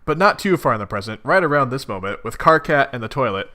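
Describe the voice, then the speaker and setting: A young man casually reading a webcomic aloud and reacting in a chatty, expressive way. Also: mid-range voice, quick pace. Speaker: reader of a webcomic. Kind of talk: casual read-along with reactions.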